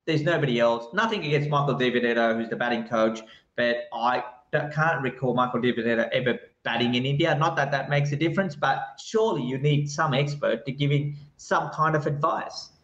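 Male guest author, insistent and animated; roomy, dull remote recording. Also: medium pitch, fairly quick. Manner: animated, insistent, repeats points. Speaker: guest author, cricket writer. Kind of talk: casual cricket podcast chat.

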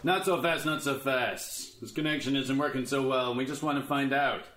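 An actor playing a blustering, self-important small-town constable who is slow to catch on. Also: male voice, medium pitch, a bit bright, soft background music, close to an everyday voice. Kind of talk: 1930s screwball film acting. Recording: roomy old film soundtrack.

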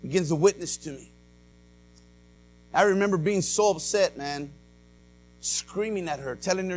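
High-voiced male pastor preaching, lots of uh and amen, faint hum in the background. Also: normal speed, pauses often. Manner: dramatic testimony with swings from loud to hushed; frequent "uh" and "amen" fillers. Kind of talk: sermon.

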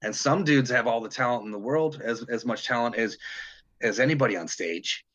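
In a casual storytelling chat, a middle-aged man from Detroit who tours as a guitarist speaks a little fast in a mid-range, slightly bright voice. The recording loses its highs, and his talk rambles with frequent restarts and a stray swear word.

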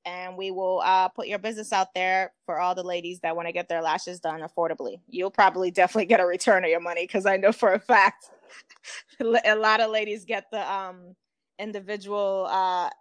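A woman's voice: medium pitch, steady tone, fairly quick, no echo, clean studio sound. Teasing woman co-hosting a podcast. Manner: teasing, joking. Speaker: podcast co-host. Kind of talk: casual podcast chat.

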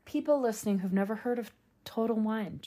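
A woman co-hosting a podcast, chatting casually and jumping in with quick reactions and laughter. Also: a little high, warm tone. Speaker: podcast co-host. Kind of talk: casual chat.

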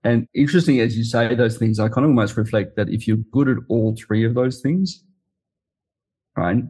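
A man's voice: medium pitch, normal speed, a little mellow, slightly rough. A man hosting a podcast interview, talking casually, laughing often and checking in with "right?" and "you know". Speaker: podcast host.

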